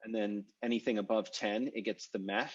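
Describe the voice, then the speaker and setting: Low-voiced man teaching an online class. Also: steady tone, brisk, slightly rough, muffled recording. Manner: explanatory, with frequent "uh" and "um". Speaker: language teacher. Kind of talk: live online class lecture.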